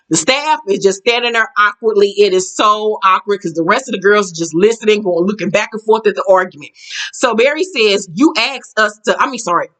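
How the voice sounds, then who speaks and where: A woman casually recapping a reality show episode, animated and slangy, laughing and acting out the quotes. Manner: animated, laughing, acts out quotes in a higher pitch; slangy and profane, says child and girl.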